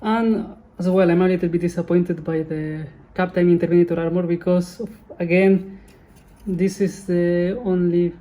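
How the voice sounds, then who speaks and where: Brief: woman host, casual unboxing chat, corrects herself as she goes, mellow low voice. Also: fairly even intonation, moderate pace. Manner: chatty, often corrects herself. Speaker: channel host.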